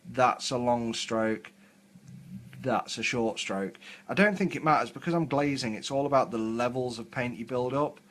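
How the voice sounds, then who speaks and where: A southern English man chats casually on a hobby live stream from his desk at home. He rambles loosely and fills every gap with ums and likes. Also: mid-range voice. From England. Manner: rambling, filler-heavy, chatty.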